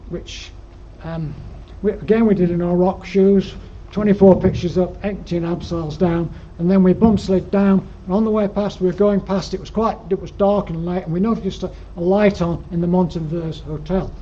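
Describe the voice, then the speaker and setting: A man's voice: high-pitched, fairly even intonation, normal speed, few pauses, mellow. Older Yorkshire man telling climbing stories. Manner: rambling, dryly humorous, frequent ums. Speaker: guest speaker at alpine club. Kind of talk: anecdotal slide-show talk. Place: lecture room. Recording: dull lo-fi recording with faint noise.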